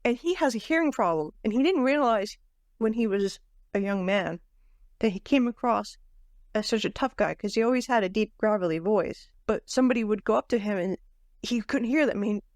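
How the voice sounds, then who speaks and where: A woman co-hosts a podcast, chatting casually about a book for a book club, with fillers and restarts. Her medium-pitched voice is brisk and a little mellow, recorded at studio quality with no room sound.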